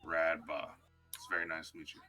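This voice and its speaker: A man's voice: rumbling low, monotone, a little fast, bright, forceful tone, faint music behind. A man playing his character at a tabletop game, polite and diplomatic with stammered restarts. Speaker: player.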